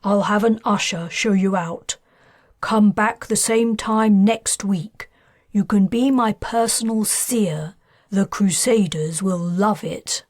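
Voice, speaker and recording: A woman voicing a smooth, scheming man of high society who bargains in clipped lines, in an audiobook. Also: slow, darkish tone, no echo, clean studio sound. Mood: pleased.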